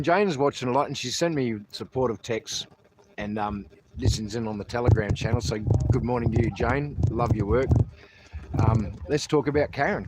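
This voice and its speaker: An Australian man hosting a casual outdoor livestream on a handheld mic, chatty and joking, calling everyone mate. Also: medium pitch. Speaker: livestream host. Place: outdoors at a protest camp. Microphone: handheld microphone. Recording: noisy outdoor stream.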